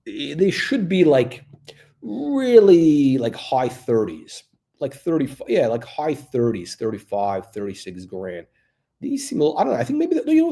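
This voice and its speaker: A man's voice: mid-range voice, mellow. A male watch channel host giving blunt, crude, rambling off-the-cuff commentary.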